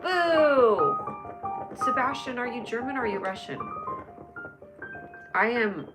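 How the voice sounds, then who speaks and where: A woman's voice: fairly high pitch, moderate pace, loud music behind the voice. A woman hosting a casual livestream, chatting in a bubbly, rambling way and answering her viewers by name. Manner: bubbly, rambling, reads chat comments aloud and answers viewers. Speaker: livestream host.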